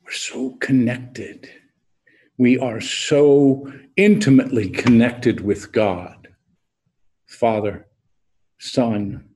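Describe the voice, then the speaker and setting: Slow, husky-voiced man preaching. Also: medium pitch, a little mellow. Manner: unhurried storyteller, deliberate pauses. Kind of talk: sermon with a told joke.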